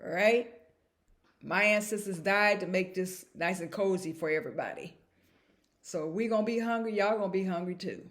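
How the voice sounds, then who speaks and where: Emphatic woman vlogger, middle pitch. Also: animated, moderate pace, a bit bright. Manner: emphatic and repetitive, chuckling at herself. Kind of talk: casual spoken monologue.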